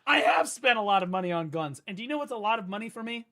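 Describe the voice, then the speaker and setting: A man streaming live in a casual, profane rant, jumping from loud outbursts to low mutters. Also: lively intonation, fast talker.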